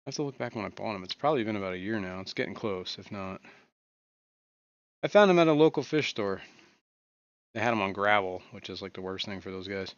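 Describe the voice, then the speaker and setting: Low-voiced man rambling on a livestream. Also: lively intonation, brisk, pauses often, no room sound, dull audio. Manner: rambling, muttered asides, many fillers. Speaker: livestream host. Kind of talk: casual livestream chat. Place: home fish room.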